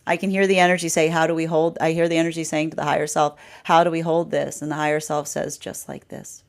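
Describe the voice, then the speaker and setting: Woman, tarot reader, low voice, rambling, repetitive, talks in fillers. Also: level tone, fast. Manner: rambling, repeats herself, frequent "right?" and "like"; laughs often, quoting the energy's voice. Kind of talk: live tarot reading.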